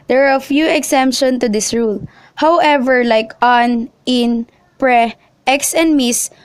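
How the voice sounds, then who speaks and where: Slow, careful young woman reading a lesson. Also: sits high, clear, resonant tone, dry recording. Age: young adult. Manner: slow, careful, spelling letters out one by one. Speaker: student presenter. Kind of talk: reading a lesson script aloud.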